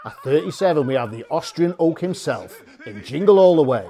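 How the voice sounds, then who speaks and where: A man's voice: on the high side, lively intonation, brisk. Playful man over music. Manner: playful, laughing presenter. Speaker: co-host of a film countdown show. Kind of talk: presenting a countdown with banter.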